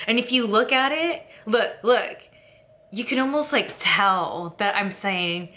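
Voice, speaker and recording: A woman's voice: fairly high pitch, expressive, normal speed, sharp tone. A young woman from California chatting casually to camera as a vlogger, rambling and candid, with lots of fillers and laughing at herself.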